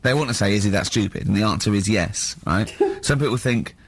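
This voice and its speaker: A man's voice: fairly low pitch, fairly quick, slight background noise. An English man hosting a comedy radio show, telling stories in a teasing, giggly way. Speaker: radio host. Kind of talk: casual comedy radio chat. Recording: radio studio.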